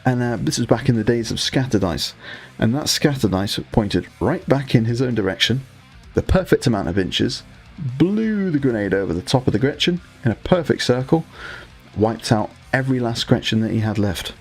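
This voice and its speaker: A man's voice: mid-range voice, expressive, moderate pace, a little mellow, husky, faint music behind. A young British man with a British accent, chatting casually to his live-stream audience and joking with the chat. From Britain. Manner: chatty, banters with chat, swears. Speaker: hobby streamer.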